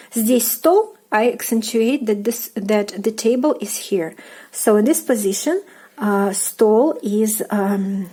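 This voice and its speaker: A young woman with a Russian accent, a native Russian speaker, giving a casual online language lesson in a halting way with many fillers and restarts. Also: medium pitch, dark tone. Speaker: language teacher.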